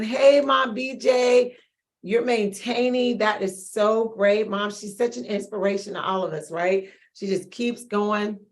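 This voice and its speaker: A woman hosting a live online wellness support group, encouraging viewers and reading out their chat messages with laughs and bursts of loud emphasis. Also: mid-range voice, unhurried.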